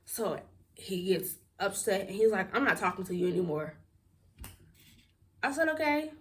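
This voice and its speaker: A woman's voice: mid-range voice, lively intonation, moderate pace, distant mic. A young woman telling a storytime to her viewers in a casual, blunt, outspoken way, laughing and swearing as she goes. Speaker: storytime vlogger.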